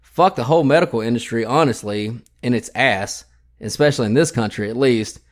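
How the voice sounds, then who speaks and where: A man's voice: mid-range voice, a little fast. A man hosting a podcast in a casual, blunt style with plenty of swearing. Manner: profane, blunt, ranting. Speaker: podcast host.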